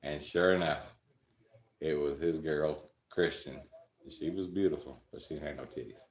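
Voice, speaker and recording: Very deep-voiced man rambling crudely. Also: unhurried, roomy sound, slight background noise. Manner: rambling, crude jokey humor, chuckles often. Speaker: live stream host. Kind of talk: casual storytelling chat.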